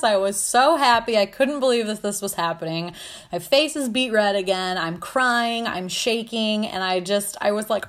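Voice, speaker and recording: A woman hosting a podcast, telling a personal story in a casual, animated way, swearing freely and laughing often. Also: medium pitch, moderate pace. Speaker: podcast host.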